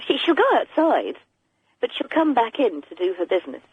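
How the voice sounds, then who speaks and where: A woman's voice: fairly high pitch, sing-song, a little fast, slightly rough. A woman calling a radio show, chatting away with plenty of restarts, heard over a muffled phone line. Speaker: caller.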